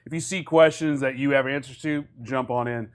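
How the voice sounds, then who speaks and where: A man's voice: medium pitch, fairly even intonation, a little fast. A man co-hosting a casual chat, easygoing and chatty. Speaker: co-host.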